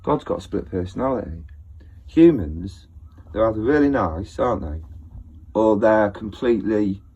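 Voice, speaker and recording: A man's voice: lowish voice, lively intonation, moderate pace, dark tone, slightly rough, muffled recording. A man, talking in a rambling casual monologue to his viewers, hesitant and full of fillers and restarts. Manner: hesitant, many fillers and restarts, laughs often. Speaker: video blogger.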